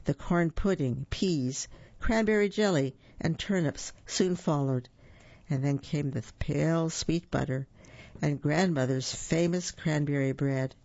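A storyteller reads a children's story aloud with a gravelly, creaky voice, adding little asides for young listeners. The recording is dull and lo-fi, in a dry room with no echo. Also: mid-range voice, measured pace, a little mellow.

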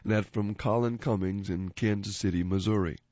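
A man hosting a joke segment, reading listener jokes aloud in an animated way and chuckling after the punchlines. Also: lowish voice, normal speed, no room sound. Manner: animated, switches voices for joke characters. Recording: dull, dry lo-fi recording.

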